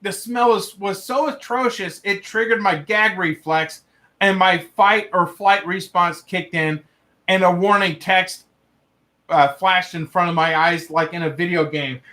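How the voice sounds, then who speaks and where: A man's voice: high voice, steady tone, a little slow, bright, forceful tone. A young man hosting a livestream, reading viewer stories aloud and breaking off to laugh and swear in reaction.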